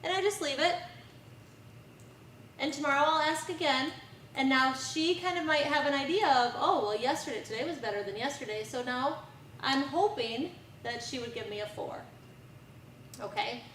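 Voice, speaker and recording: A woman's voice: sits high, moderate pace, long pauses, fairly bright tone, slight background noise. A middle-aged woman giving a community presentation to parents, earnest and repetitive with frequent ums. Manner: earnest, repeats key advice, many ums. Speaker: presenter on bully prevention. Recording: echoey room from far off.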